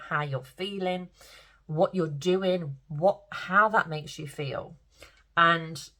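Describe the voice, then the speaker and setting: A woman's voice: lowish voice, fairly bright tone. Candid, teary woman vlogging. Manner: rambling, candid, tearful, swears freely. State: emotional, close to tears. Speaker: spiritual vlogger. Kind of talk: casual talk to camera.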